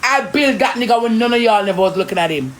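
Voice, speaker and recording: A woman with a Jamaican accent, ranting indignantly in rapid patois on a live stream. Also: a little high, lively intonation. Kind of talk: heated live-stream rant.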